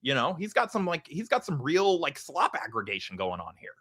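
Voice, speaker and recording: A man's voice: on the high side, huge pitch swings, a little fast, a bit bright, husky. A man co-hosting a casual sports podcast, rambling and teasing, with lots of "like" and restarts. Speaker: podcast co-host.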